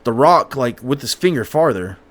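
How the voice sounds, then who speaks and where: A man's voice: medium pitch, animated, moderate pace. Rambling young male streamer. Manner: rambling, self-correcting with frequent restarts; stammers at times. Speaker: streamer and podcast host. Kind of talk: casual chat while gaming.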